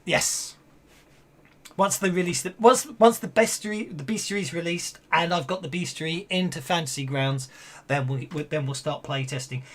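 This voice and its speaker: A man wrapping up a tabletop game session as game master, talking in halting bursts full of fillers and restarts. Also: a little high, a bit bright.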